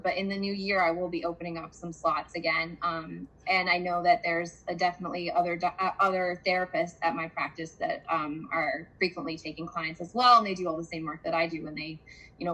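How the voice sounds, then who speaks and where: Bright-toned earnest woman therapist. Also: fairly low pitch, poor audio. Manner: earnest, emphatic, many fillers. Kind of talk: conversational interview.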